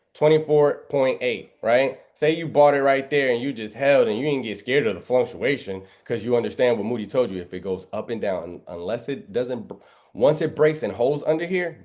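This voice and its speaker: A man's voice: medium pitch, darkish tone. A man teaching a live trading lesson in an emphatic, preachy way, firing off rhetorical questions and biblical references. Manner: emphatic, keeps asking "right?" and rhetorical questions. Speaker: trading instructor. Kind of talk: live trading lesson over screen share.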